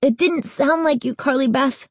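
Lady doing a scared little boy, squeaky high, begging and stammering, storybook. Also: sing-song, slow, bright, forceful tone, no echo, exaggerated voice. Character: frightened young boy, whiny little brother. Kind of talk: storybook reading.

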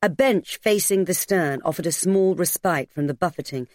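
A woman's voice: on the low side, moderate pace, no room sound. Woman narrating a novel, dry and close. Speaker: audiobook narrator.

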